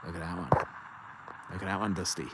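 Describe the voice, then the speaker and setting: A man's voice: sits low, fairly even intonation, fast, heavy background noise. An Irish man live-streaming from a garden outdoors, rambling and joking as he reads out viewer comments. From Ireland. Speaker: livestream host. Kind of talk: casual live-stream chat.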